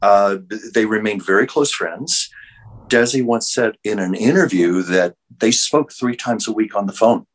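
A man's voice: on the low side, normal speed, low-quality recording. A man, an artist and medium, telling an emotional story earnestly as an interview guest over a video call.

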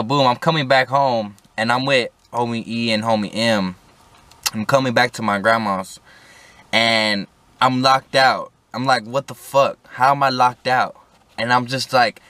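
A man's voice: lowish voice, fairly bright tone, no room sound. Young man telling a rambling story. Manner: rambling, slangy, swears and then apologizes, acts out quotes with a raised voice. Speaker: vlogger telling a personal story. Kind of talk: casual storytelling to camera.

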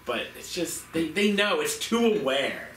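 A man's voice: fairly high pitch, sing-song, measured pace, fairly bright tone, far from the mic, slight background noise. A man co-hosting a movie awards show, chatting casually and dismissively about films. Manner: offhand, dismissive, laughs easily. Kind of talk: casual chat reviewing films. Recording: echoey room, a bit off mic.

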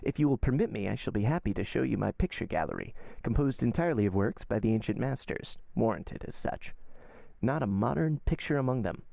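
A man reading aloud, voicing a greedy middle-aged banker who talks in an eager, flattering, obsequious way. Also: mid-range voice, a little fast, gravelly, dry recording, studio quality. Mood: fawning. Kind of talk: audiobook reading.

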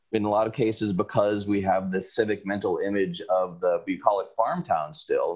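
A man's voice: sits low, darkish tone, dull audio. A man, answering interview questions at length in a lecturing, wry, sarcastic way. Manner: sarcastic, lecturing, thoughtful pauses. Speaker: local historian guest. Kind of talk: conversational interview.

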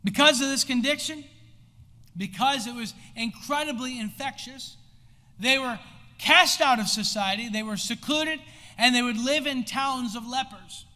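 A pastor from the United States, a man with a high voice, delivers a sermon at a measured pace in a church sanctuary. His preaching builds in intensity and breaks into sudden shouts. The recording carries the long hall reverb of the church.

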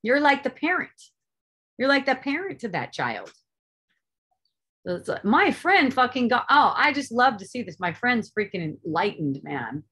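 A woman giving an earnest spiritual teaching in an online group talk, stressing points loudly and then dropping to soft asides, with casual swearing. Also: on the high side, sing-song, moderate pace, husky.

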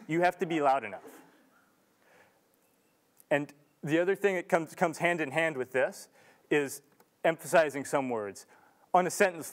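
Young guy giving a talk in a big lecture hall, kinda high voice, earnest, lots of ums and restarts. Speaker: student speaker. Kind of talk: live talk to an audience. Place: large lecture room.

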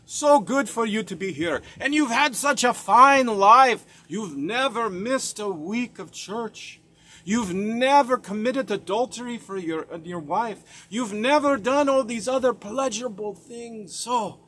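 A man's voice: sits high, fairly bright tone, husky, pitched above the performer's own voice, full character voice. A man playing a kindly saint at heaven's gate. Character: kindly male saint greeting newcomers to heaven.

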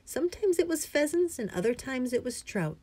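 A woman's voice: sits high, sing-song, brisk, warm tone, pitched above the performer's own voice. A woman reading aloud, voicing a mischievous, talkative little old male country doctor. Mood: chatty. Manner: chatty, mischievous storytelling. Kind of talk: audiobook character reading.

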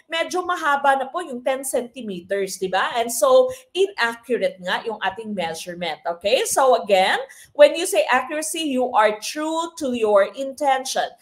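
High-voiced Filipino woman teaching live. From Philippines. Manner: mixes English and Filipino, frequent tag "no?". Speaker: exam review coach. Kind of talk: live online exam review lesson.

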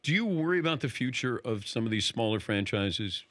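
A man hosting a sports talk interview, asking quick, animated questions. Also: mid-range voice. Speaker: host.

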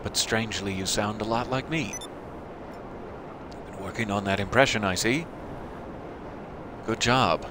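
A man's voice: on the low side, a little slow, long pauses, background noise. A man giving casual let's-play commentary, rambling with self-deprecating asides. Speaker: gameplay commentator.

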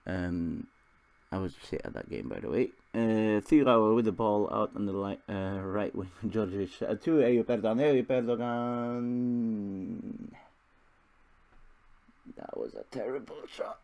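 A young gaming video host casually commentates his football management game, rambling, joking at his own expense and adding chuckling asides. His voice is lowish and darkish in tone, at a moderate pace.

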